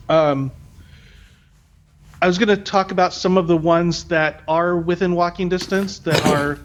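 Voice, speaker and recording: A man's voice: on the high side, muffled recording. A man co-hosting a podcast, speaking casually and hesitantly with lots of ums. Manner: hesitant, many ums and repeated words. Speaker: podcast co-host.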